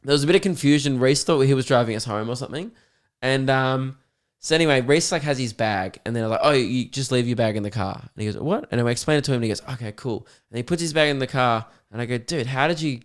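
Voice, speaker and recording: A young man chats on his podcast in a medium-pitched voice. He tells stories with energy and slips into other people's voices as he goes. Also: fast talker, clear, resonant tone. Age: young adult. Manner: animated storyteller who acts out voices of others. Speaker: podcast host and comedian. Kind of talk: casual podcast chat.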